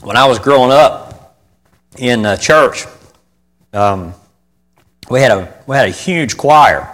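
A man's voice: mid-range voice, lively intonation, takes it slowly, fairly bright tone, soft background music. Man preaching in a reverberant hall. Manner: conversational, repeats phrases for emphasis, asks the audience for responses. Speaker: preacher teaching on church music. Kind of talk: informal sermon to a congregation.

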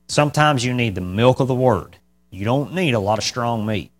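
A man preaching a verse-by-verse Bible teaching, chatty, checking in with "okay?", turning loud and high when he presses a point, with dry sarcastic asides. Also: normal speed. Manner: conversational, repeats "okay?" to the congregation.

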